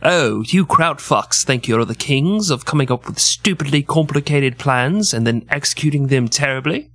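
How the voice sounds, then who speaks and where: A man's voice: mid-range voice, lively intonation, normal speed, a bit bright, no room sound. A man puts on a British voice to play England as a sneering man who taunts his rivals. The voice is mocking and crude. It is recorded dry, with no room sound. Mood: taunting. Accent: put-on British.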